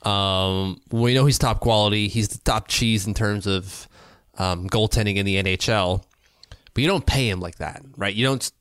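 A man's voice: fairly low pitch, fairly bright tone, dry recording, studio quality. A man co-hosting a casual hockey podcast, talking through his opinions with frequent restarts and fillers. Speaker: podcast co-host. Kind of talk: casual sports talk.

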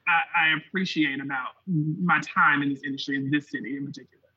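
A man's voice: a little high, steady tone, a little fast, bright, forceful tone, slightly rough, muffled recording. A man talking as a podcast guest in casual chat, chatty with many fillers.

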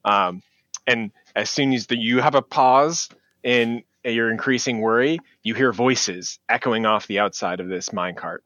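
A man's voice: medium pitch, a little slow, sharp tone, dry recording. A man acting as game master, explaining rules and narrating a tabletop game with frequent fillers. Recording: dry, slightly dull recording.

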